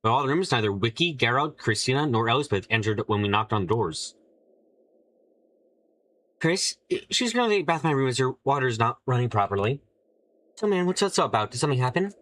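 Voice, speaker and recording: A man playing a mystery game, reading the characters' lines aloud and giving several of them higher put-on voices. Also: animated, fast talker, hardly any pauses, a bit bright. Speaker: let's play streamer.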